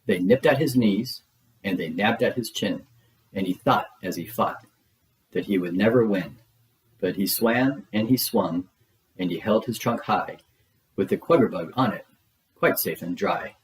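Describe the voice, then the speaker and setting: A man reading a rhyming children's storybook aloud with a steady, rhythmic delivery. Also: on the low side, a little slow, poor audio.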